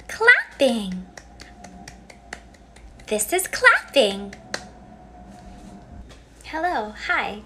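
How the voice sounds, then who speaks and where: A young woman modeling speech for toddlers, with slow, exaggerated, sing-song baby talk. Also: sits high, lively intonation, fairly bright tone, slight background noise. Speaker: children's educator.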